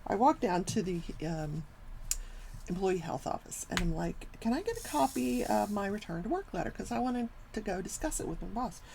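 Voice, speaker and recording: An older woman hosting a casual talk show, telling a long workplace story and acting out the people in it with lively, animated quoting. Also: medium pitch, moderate pace, gravelly, noisy background. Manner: animated, acts out quoted people.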